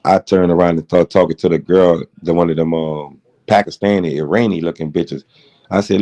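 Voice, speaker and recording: A middle-aged man rants through a late-night livestream, his voice deep and dark. He rambles from one point to the next and swears freely as he tells his story. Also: steady tone, a little fast. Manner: rambling, profane, heated storytelling. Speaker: livestream host.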